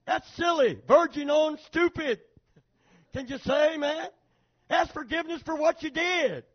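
A man's voice: extremely high pitch, a little slow. A male pastor preaching a sermon, emphatic, calling out for amens from the congregation, on a dull lo-fi recording.

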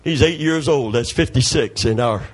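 A middle-aged man preaching a sermon, calling out to the congregation and breaking into loud shouts as he tells stories. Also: mid-range voice, moderate pace, slightly rough. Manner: call-and-response preaching, calls for amen, storytelling, sudden shouts.

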